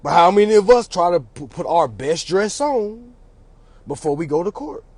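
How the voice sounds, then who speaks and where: A man's voice: sits high, normal speed, slightly rough, dry recording. A man hosting his own channel, telling a story in a casual monologue and acting out the other people in it. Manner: animated, acts out other people's voices. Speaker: channel host.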